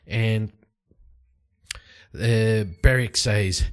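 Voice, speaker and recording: A man casually narrating his solo tabletop roleplaying game from his home study, relaxed and rambling. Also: fairly low pitch, a little slow. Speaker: solo tabletop game player and channel host.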